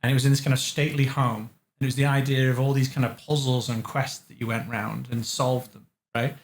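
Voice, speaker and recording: A man from England who designs games, telling lively studio stories as an interview guest and acting out the voices of the people he quotes. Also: mid-range voice, brisk, slight background noise. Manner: animated storyteller, acts out quotes. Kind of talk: casual interview chat. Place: living room.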